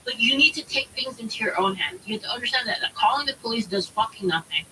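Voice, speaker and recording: Streamer, female, American: heated profane rant, bright tone, distant mic. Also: on the high side, quick pace. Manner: heated, profane ranting with many fillers. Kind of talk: casual chat. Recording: distant mic with faint hiss.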